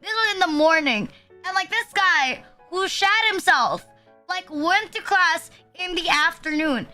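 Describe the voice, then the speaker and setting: A woman's voice: extremely high pitch, lively intonation, measured pace, pushed and bright, soft background music. A young woman, rambling through a story in a casual chat stream and heaping fillers and self-deprecating asides as she goes. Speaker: VTuber streamer.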